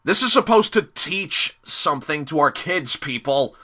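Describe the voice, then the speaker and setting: A young man giving a casual spoken episode review, sarcastic and exasperated, often pausing and restarting. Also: a little high, expressive, bright, forceful tone. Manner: hesitant, many fillers and restarts.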